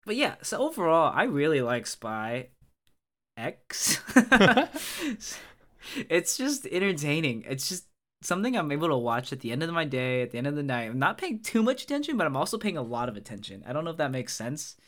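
A man's voice: fairly high pitch, very animated, fast. A man co-hosting a podcast, chatting casually, often hunting for words and filling with "like" and "dude". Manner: rambling, searches for words, says "like" and "dude". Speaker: podcast co-host. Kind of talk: casual chat.

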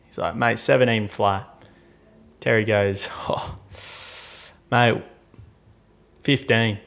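A man's voice: mid-range voice, slow, pauses often. Australian man telling a story. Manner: animated storyteller acting out quotes. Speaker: podcast co-host. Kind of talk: casual chat.

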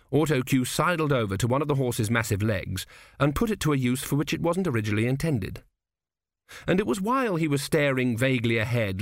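An audiobook narrator reads scripted narration aloud in a measured, wry storytelling manner. His mid-range voice is recorded at studio quality with no echo.

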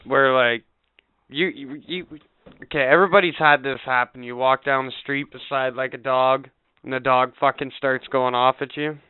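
A man's voice: medium pitch, fairly even intonation, moderate pace, clear, resonant tone, dry recording. A man co-hosting a podcast, joking with crude, profane humor. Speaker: podcast co-host. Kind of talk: crude comedic chat. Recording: dry, phone-like lo-fi sound.

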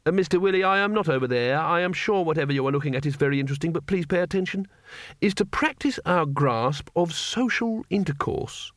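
In an audiobook, a man voices a fussy, polite middle-aged schoolteacher speaking patiently to unruly pupils, pitched above his own natural voice. The delivery is a little high, animated, brisk, and fairly bright, with clean studio sound and no room sound.

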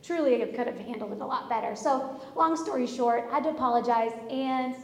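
A woman in her thirties giving a sermon built on personal stories, animated and acting out the back-and-forth of conversations. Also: a little high, brisk. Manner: animated storyteller, acts out quoted exchanges. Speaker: speaker at a church service. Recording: echoey hall.

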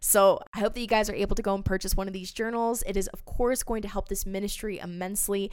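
A woman's voice: mid-range voice, fairly even intonation, fast, clean tone, no room sound, clean studio sound. A young adult woman hosting a devotional podcast, talking earnestly and passionately to her listeners. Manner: earnest and passionate, addresses listeners as "you guys". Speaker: faith podcast host.

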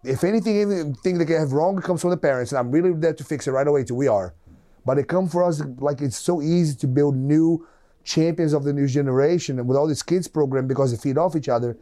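A man's voice: fairly high pitch, quick pace, warm tone. A man, a martial arts coach co-hosting a podcast, who talks in emphatic, repetitive, run-on phrases. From Brazil. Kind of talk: casual chat.

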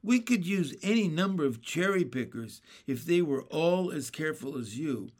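A man's voice: fairly high pitch, lively intonation, moderate pace, a little mellow. A man reading aloud and voicing a cheerful, kindly male doctor with hearty exclamations. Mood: jovial.

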